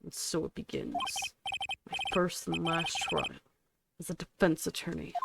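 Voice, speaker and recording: A woman's voice: low voice, sing-song, normal speed, gravelly, heavy background noise, pitched below the performer's own voice, heavily acted. A woman voicing a young male defense lawyer who sounds dry and doubtful, with game music behind. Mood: wry.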